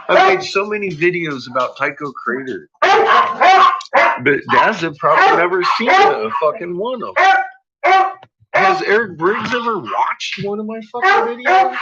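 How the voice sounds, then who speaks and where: A man ranting and swearing in frustration on a casual livestream, talking to his viewers. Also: high-pitched. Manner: frustrated, swearing, slow rambling talk. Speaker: livestream host. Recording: dull lo-fi sound with faint noise.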